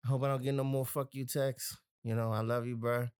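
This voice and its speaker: A man's voice: mid-range voice, little pitch movement, a little fast, a little mellow, clean tone, no room sound. Laid-back New Orleans man, dry sound. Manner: laid-back, joking storyteller with slang. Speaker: podcast host. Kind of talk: casual podcast chat.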